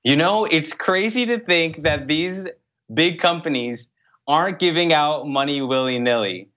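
A young man answering interview questions as a political candidate, in an earnest, brisk way with frequent fillers. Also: fairly high pitch, a bit bright. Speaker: congressional candidate. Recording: dull lo-fi sound.

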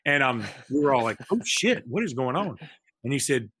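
A man co-hosting a podcast, telling a long anecdote in a rambling, animated way, full of restarts and fillers. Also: medium pitch, moderate pace, no echo. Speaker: podcast co-host. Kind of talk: casual storytelling chat.

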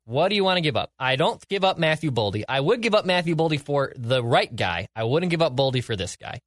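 Confident jokey podcast co-host, dry sound. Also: male voice, on the high side, very animated, fast, no echo. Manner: confident, jokey, stat-heavy. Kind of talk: casual sports chat.

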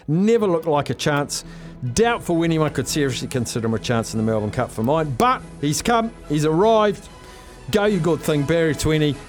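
Excitable high-voiced New radio man. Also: moderate pace, soft background music. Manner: excitable, upbeat, rattles off racing form. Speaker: radio host. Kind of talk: phone-in radio chat.

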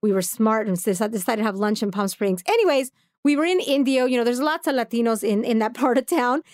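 High-voiced woman telling a lively story. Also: fairly quick, dry recording, studio quality. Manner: laughs often, animated storytelling. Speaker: podcast co-host. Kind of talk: casual chat.

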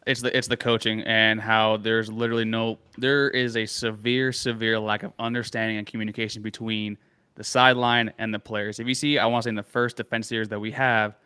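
Fast-talking young man, crisp dry voice. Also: fairly low pitch, level tone, sharp tone, no room sound. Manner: fast, casual, lots of "like" and "literally". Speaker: sports talk co-host. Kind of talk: casual sports analysis chat.

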